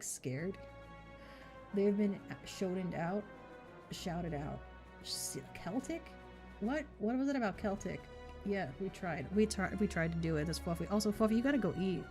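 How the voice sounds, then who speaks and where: A woman streaming a game live, chatting casually in a joking, rambling, mock-boastful way. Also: mid-range voice.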